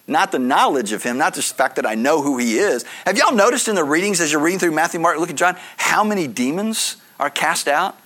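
A male pastor preaches in an earnest, teaching way, dropping in casual asides as he goes. His voice sits fairly high for a man. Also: lively intonation, fairly quick, few pauses, a bit bright. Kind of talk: sermon.

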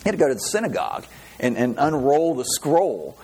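A man delivers a relaxed, chatty sermon as a pastor to a small group, speaking at an ordinary, mid-range pitch. He tells stories informally, often pausing on fillers and starting sentences over. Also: slightly rough. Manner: relaxed, chatty storytelling with frequent fillers and restarts. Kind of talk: casual sermon to a small congregation.

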